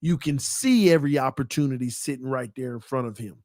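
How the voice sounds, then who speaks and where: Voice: medium pitch, fairly quick, darkish tone, no echo, clean studio sound. A sports podcast host ranting heatedly to the live chat, making points emphatically and repeating them for emphasis. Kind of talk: livestream rant to the chat.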